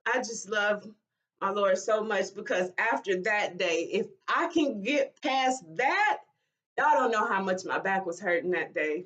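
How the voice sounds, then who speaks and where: A woman, talking in a halting, emotional way in a personal vlog, with sighs and restarts. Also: mid-range voice, expressive, a bit bright, distant mic. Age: 40s. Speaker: vlogger.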